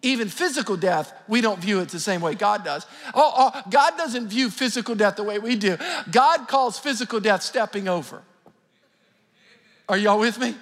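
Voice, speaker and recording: A man's voice: high voice, animated, moderate pace, a bit bright. A middle-aged man preaching a sermon as pastor, fervent and calling out to his congregation. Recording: long hall reverb with faint music.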